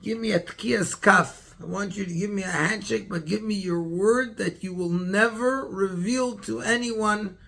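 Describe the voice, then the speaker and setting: A gravelly, slightly husky elderly stranger, as a man quotes him in a story, speaking earnestly and in confidence. He sounds charismatic and friendly, and the voice sits fairly high. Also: steady tone, unhurried, hardly any pauses, bright, forceful tone, heavily acted. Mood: confiding.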